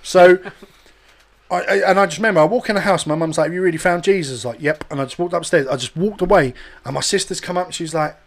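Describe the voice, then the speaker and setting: A man telling a sweary, animated story on a casual podcast chat, acting out other people's voices. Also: high voice, fast talker. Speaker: podcast host.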